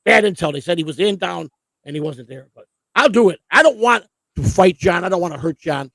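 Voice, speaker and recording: Male stream host, high-pitched, gravelly, rapid-fire, profane and rambling. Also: animated, fairly bright tone, no room sound. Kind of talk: casual livestream chat.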